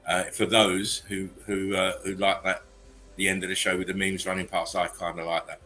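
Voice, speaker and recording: A man's voice: sits low, level tone, normal speed, sharp tone, soft background music. A man hosting a livestream chat show, talking in a loose, chatty way and laughing easily. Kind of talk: casual chat.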